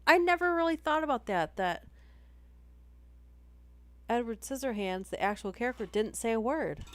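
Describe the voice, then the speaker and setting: A woman's voice: fairly high pitch, expressive, moderate pace. A woman chatting casually on a live stream between horror story readings. She rambles and interrupts herself as she talks.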